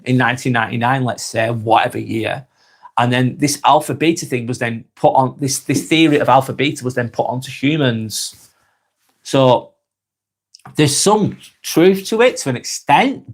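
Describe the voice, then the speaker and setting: A man from northwest England with a Lancashire accent, talking calmly on a live stream, reading out viewer comments and musing with frequent repeats and restarts. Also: mid-range voice. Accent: Lancashire English. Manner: calm, musing, repeats words and restarts often.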